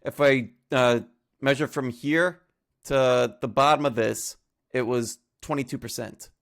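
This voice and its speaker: A man's voice: medium pitch, steady tone, measured pace, creaky, fairly bright tone. A male trading educator explaining chart setups on a casual livestream, talking through examples with homely analogies and frequent fillers.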